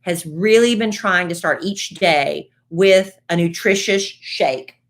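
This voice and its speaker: A woman co-host with a fairly low voice chats easily and laughs often. She jokes freely with her co-host and reads a sponsor spot in the same relaxed, chatty way. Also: slow. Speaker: podcast co-host. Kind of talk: casual chat and host-read ad.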